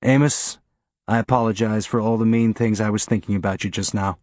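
A man's voice: lowish voice, steady tone, a little fast, darkish tone, no echo, close to an everyday voice. A man voicing a wry spaceship captain who gives orders in a dry, easy tone.

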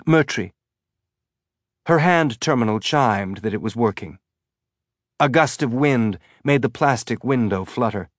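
A man reading an audiobook narration in a steady, even voice. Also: lowish voice, no echo, studio quality.

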